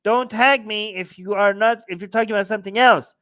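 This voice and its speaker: A man hosting a livestream, talking in a casual, animated, rambling way, swearing freely and firing off rhetorical questions. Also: sits high, fairly quick. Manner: heavy use of rhetorical questions. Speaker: livestream host.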